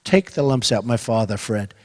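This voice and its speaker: In an echoey hall packed with an audience, a man in his seventies gives a campaign speech at a rally. He speaks at normal speed in a fairly low pitch, repetitive and emphatic, shifting between hushed asides and loud outbursts as the crowd is heard behind.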